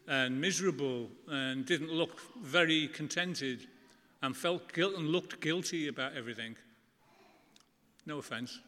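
A middle-aged man preaches in an earnest, conversational way, leaning on emphatic pauses. His voice sits a little high and rings bright and forceful. A long church reverb trails after each phrase. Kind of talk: sermon.

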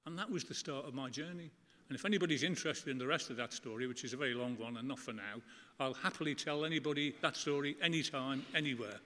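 A middle-aged man preaching a sermon to a church congregation, earnest and conversational, with emphatic pauses. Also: medium pitch, pushed and bright. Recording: long church reverb.

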